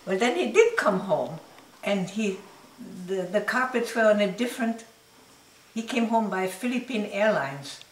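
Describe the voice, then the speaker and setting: An older woman telling her life story in an interview, reflective and unhurried, often laughing softly as she talks. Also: medium pitch, sing-song, husky, poor audio. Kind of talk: oral history recollection.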